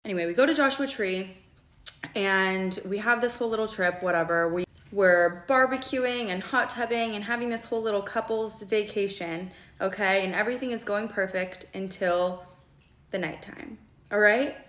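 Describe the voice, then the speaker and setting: In a roomy, echoing recording, a late-twenties woman with a medium-pitched, fairly bright voice vlogs a personal story. Her delivery is quick and frank, full of swearing and frequent "okay?" check-ins with her audience.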